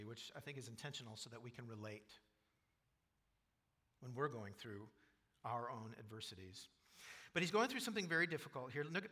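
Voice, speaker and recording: Guy preaching a sermon, bright slightly high voice, earnest and explaining stuff. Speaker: pastor.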